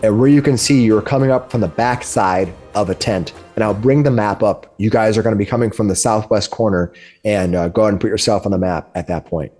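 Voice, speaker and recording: A man narrating as game master of a tabletop game, halting often mid-phrase. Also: lowish voice, darkish tone, soft background music. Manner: halting, many fillers and restarts.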